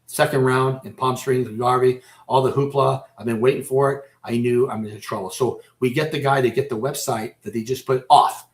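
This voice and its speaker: Male radio guest, emotional confession, halting delivery, stop-start phrasing, mid-pitched voice. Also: fairly even intonation. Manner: halting, repeats and restarts phrases; emotional, close to breaking down. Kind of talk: personal storytelling in a radio interview.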